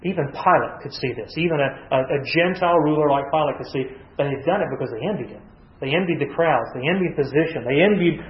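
A man with a high voice leads a Bible class, reading verses aloud and questioning his listeners. He answers his own questions and explains each passage in plain words. The sound is dull and lo-fi, and it echoes around a live room. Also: fast talker. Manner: asks the class questions and answers them himself. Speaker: Bible study teacher.

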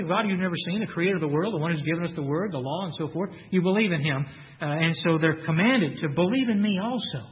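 A man's voice: on the high side, dull audio. A man preaching a sermon, earnest and repeating his phrases, his voice lifting when he quotes Scripture.

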